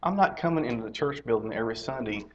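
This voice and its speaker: A man's voice: mid-range voice, expressive, fast talker. A middle-aged man giving a conversational sermon to his congregation. He repeats his key phrases and asks his listeners direct questions. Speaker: lay preacher and teacher. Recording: slightly dull lo-fi recording.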